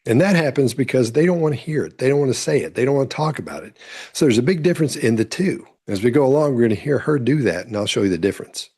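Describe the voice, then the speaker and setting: A man commenting on courtroom testimony, explaining calmly step by step. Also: mid-range voice, quick pace, husky. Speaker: body-language commentator.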